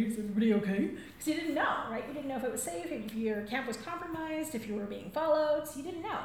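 A high-voiced woman tells stories to a live audience in an animated way, often breaking into laughter. Her voice rings through a very echoey room with a faint hum of ambience behind it. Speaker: storyteller and drum circle leader. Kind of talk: storytelling talk to a live audience.

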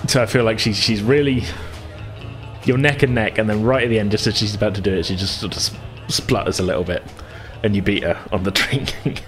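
A man narrating a tabletop game as game master, laid-back and chatty with lots of fillers and chuckles. His voice sits fairly low, with soft music faint underneath. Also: fairly even intonation, fairly quick. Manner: casual, chuckling, filler-heavy.

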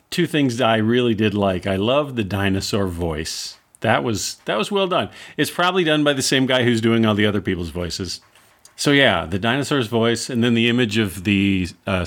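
A man hosts a casual comedy review with a sarcastic, exasperated edge. His mid-pitched voice swings widely as he rants. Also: a bit bright. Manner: sarcastic, exasperated, does mocking impressions. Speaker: reviewer host.

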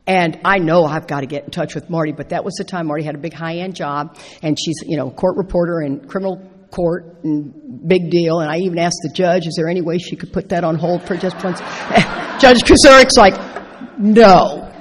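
A middle-aged woman telling a personal story as a speaker at a recovery convention, animated and laughing as she acts out her own lines. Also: fairly low pitch, a little fast, husky. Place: large convention hall. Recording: echoey hall reverb.

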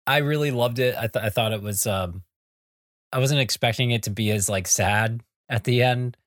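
A man gushing about a comic book on a casual podcast, peppering his talk with fillers and the odd curse. His voice sits at a plain middle pitch. The recording is dry, with no room sound. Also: moderate pace, fairly bright tone, no echo. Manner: enthusiastic, casual swearing, frequent fillers. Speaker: podcast co-host.

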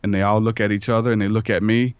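A man guesting on a podcast tells a loose, rambling story about himself, playing out the dialogue as he goes. His lowish voice barely moves in pitch, and he talks fast with a clear, resonant tone. There's no echo, but the sound is dull and lo-fi.

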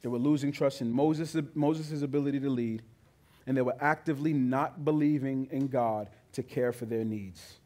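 A male pastor preaching a sermon with emphatic delivery that builds to loud, high peaks. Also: moderate pace.

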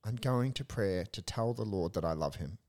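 Earnest lower-voiced male priest. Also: moderate pace. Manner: earnest, animated storytelling with humor. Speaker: Catholic priest, co-host. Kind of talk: casual faith discussion.

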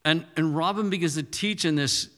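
A man in his thirties preaching in a conversational style, punchy and rising to forceful declarations. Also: a little high, moderate pace, long reverb tail. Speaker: pastor. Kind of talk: sermon.

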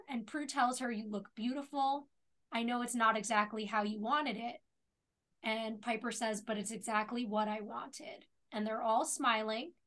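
A woman's voice: high-pitched, a bit bright. A woman co-hosting a podcast in casual chat, opinionated and retelling scenes in detail. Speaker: podcast co-host. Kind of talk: casual chat and episode recap.

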